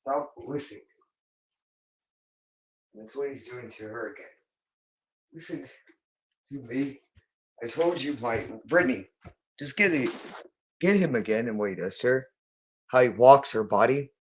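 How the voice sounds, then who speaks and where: A man's voice: mid-range voice, animated, unhurried, pauses often. A man speaking a rambling monologue, repeating himself insistently and addressing the listener directly.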